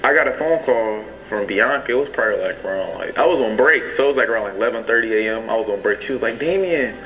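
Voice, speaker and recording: A young adult man retelling personal events in a relaxed way for a documentary interview. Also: fairly low pitch, fast, soft background music, poor audio. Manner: relaxed retelling, quoting others.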